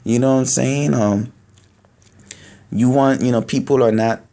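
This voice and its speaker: A man speaking candidly to camera, halting, earnest and full of restarts and repeated words. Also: mid-range voice, steady tone, mellow. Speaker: video blogger. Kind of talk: candid personal talk to camera.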